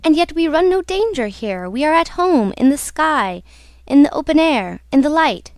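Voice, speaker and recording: A woman's voice: a little high, expressive, normal speed, a little mellow, no room sound. A woman reading as a frightened young singer. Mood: pleading. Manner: pleading, trembling.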